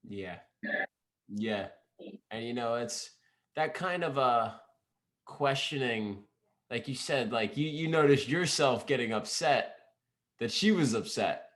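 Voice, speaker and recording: A man's voice: mid-range voice, slow, pauses often, fairly bright tone. A man hosting a podcast in casual conversation, reflecting on and affirming what his guest says. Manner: reflective, affirming, sums up lessons. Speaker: podcast host.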